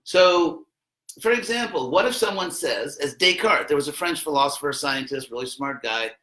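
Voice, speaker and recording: A man's voice: on the high side, lively intonation, fairly quick, pushed and bright, roomy sound, poor audio. A man giving an informal philosophy lesson to a class of students, joking in asides and raising his voice when he acts out quotes. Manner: conversational, jokey asides, acts out quotes with a raised voice. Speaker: teacher.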